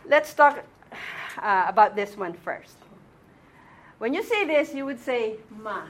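Patient teacher, woman, slightly high, slow and repetitive, checks in constantly. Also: animated, slight background noise. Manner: patient, repeats words and checks with "okay?". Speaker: Hebrew teacher. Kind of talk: classroom lesson.

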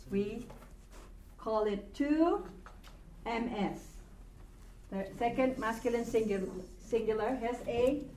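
Slow, patient woman teaching in an echoey classroom. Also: mid-range voice, a little mellow, a little hiss or hum. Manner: patient, repeats words slowly for students. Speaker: Hebrew teacher. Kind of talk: classroom grammar lesson. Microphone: recorded from a distance. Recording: echoey room, distant mic, faint ambience.

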